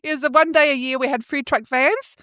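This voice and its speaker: A woman's voice: sits high, brisk, dry recording, clean studio sound. A middle-aged woman with an Australian accent, co-hosting a podcast in casual chat and telling stories with lots of acted-out voices. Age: 40s. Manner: animated storytelling, acts out voices. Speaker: podcast co-host.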